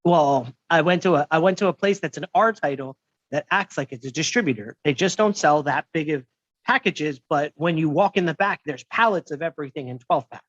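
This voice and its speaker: A man's voice: a little high, a little fast, fairly bright tone, muffled recording. A man co-hosting a casual podcast chat, telling stories about the drinks trade with a joking manner. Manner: storytelling, joking. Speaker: podcast co-host.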